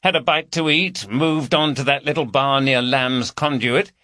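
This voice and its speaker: A man's voice: mid-range voice, moderate pace, bright, forceful tone, dry recording, voice pushed up, lightly acted. A man voicing a raucous, cheeky lad from London, full of banter. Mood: teasing.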